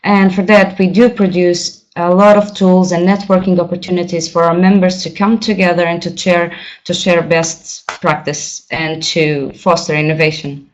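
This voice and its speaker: Lowish woman moderator on dull web audio. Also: flat delivery, moderate pace. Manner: polite, hesitant with fillers. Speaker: webinar moderator. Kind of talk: webinar introduction.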